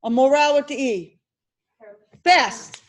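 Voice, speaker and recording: A woman teaching an insurance licensing class, drilling terms over and over and firing questions at her students. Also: high voice. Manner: animated, repetitive drilling with quick questions to students. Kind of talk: classroom exam-prep lecture.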